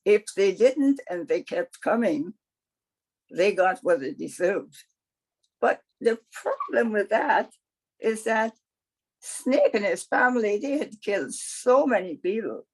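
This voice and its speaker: A woman storyteller telling a folktale in a conversational way with wry asides, over a video call. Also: mid-range voice.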